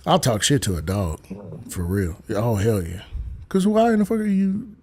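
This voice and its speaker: Brief: livestream host, man, rambling storyteller, very lively pitch. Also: moderate pace, breathy edge. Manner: rambling storyteller, slips in voices. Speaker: live stream host. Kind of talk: casual comedic chat on a live stream.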